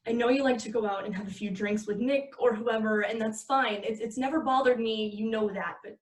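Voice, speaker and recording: A woman's voice: a little high, fairly quick, natural voice. A woman reading the part of a tired, frustrated girlfriend driving at night, firm and scolding, in a table read of a film script. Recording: echoey room, far from the mic.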